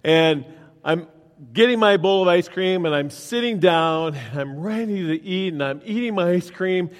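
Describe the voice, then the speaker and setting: A man's voice: sits high, lively intonation, normal speed. A man preaching a sermon in a folksy, joking way, chatting with his congregation. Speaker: pastor. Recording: long reverb of a hall.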